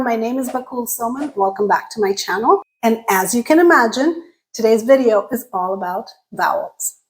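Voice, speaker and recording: Clear-spoken woman teaching English vowels. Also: on the high side, rough recording. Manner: clear, deliberate, talks straight to viewers. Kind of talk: scripted lesson to camera.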